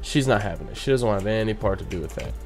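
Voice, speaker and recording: A young man with a fairly low voice tells a story in a loose, rambling vlog style and keeps dropping in "you know what I mean" asides. Faint music plays softly behind him. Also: expressive, rapid-fire. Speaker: bartender telling a story.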